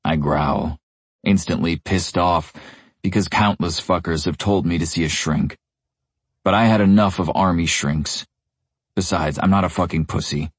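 Very deep-voiced male audiobook narrator. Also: fairly even intonation, moderate pace, husky, no room sound. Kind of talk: first-person audiobook narration.

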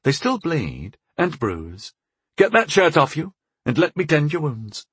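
Brief: a man doing a frank young woman healer, wry and patient, lifted a little higher than his own voice, husky, lively. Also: a little slow, no room sound, exaggerated voice. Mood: amused. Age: 20s. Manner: patient, amused, matter-of-fact.

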